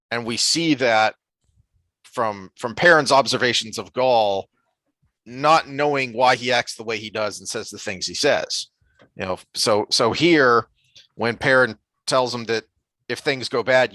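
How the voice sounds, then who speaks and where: A man's voice: medium pitch, sharp tone, no room sound. A man co-hosting a casual book discussion podcast, thoughtful and full of fillers and restarts, sometimes reading passages aloud. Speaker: podcast co-host.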